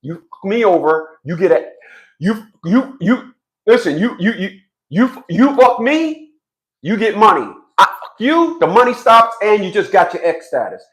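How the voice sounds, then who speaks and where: A man's voice: high-pitched, very animated, a little slow, a bit bright. A man in his fifties giving a blunt, profane vlog monologue, stammering through repeated restarts. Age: 50s. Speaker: fathers' rights commentator.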